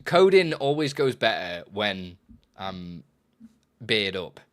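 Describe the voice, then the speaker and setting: A man's voice: lowish voice, sing-song, takes it slowly. A man chatting casually on a live stream, rambling and correcting himself as he explains his setup, often laughing.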